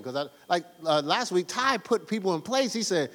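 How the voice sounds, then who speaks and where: Male pastor, sermon, fervent and slangy; lively delivery with long hall echo. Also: high-pitched, normal speed, hardly any pauses. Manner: fervent and conversational, slangy, exhorting the congregation.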